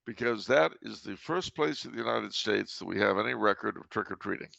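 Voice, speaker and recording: A male podcast host with a heavily gravelly, fry-laden voice at a middling pitch, talking in a dry, teasing way and tossing in sung jokes. The sound is dry and slightly dull, with no room sound. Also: lively intonation, brisk, bright, forceful tone, no room sound. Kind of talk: casual podcast chat.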